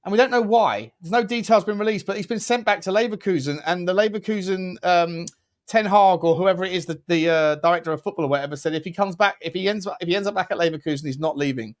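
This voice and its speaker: A man's voice: sits high, quick pace. A man co-hosting a casual football chat, chatty and throwing questions to his co-host.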